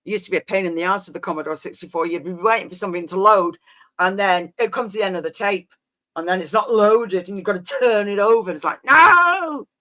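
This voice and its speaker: A woman in her fifties, a live streamer, chats casually with her viewers, rambling and reminiscing in a meandering way and often trailing off mid-thought. Her lowish voice is steady and a bit bright, and she talks fast.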